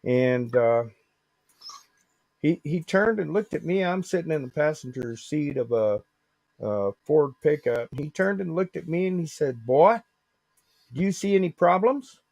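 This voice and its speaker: A man's voice: on the high side, lively intonation, measured pace, darkish tone, no echo. A man in casual livestream chat, telling a story in a folksy, earnest way. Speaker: panel guest.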